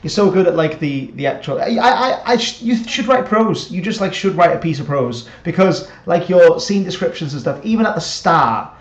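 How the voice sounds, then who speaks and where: A man co-hosting a casual chat, excitable, laughing often and restarting his sentences. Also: fairly high pitch, moderate pace, hardly any pauses. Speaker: podcast co-host. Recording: echoey dull lo-fi call audio.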